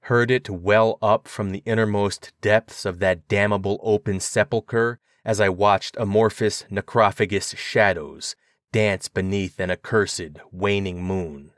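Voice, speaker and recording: A man reading a horror story aloud in a grave, measured narration. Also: lowish voice, fairly even intonation, no room sound, clean studio sound.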